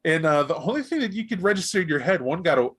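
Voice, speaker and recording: A man runs a tabletop role-playing session as game master, narrating the scene with a fairly high voice. He talks in an animated way, slipping into characters as he describes them. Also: fast talker, husky. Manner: animated, voices gang members in bursts.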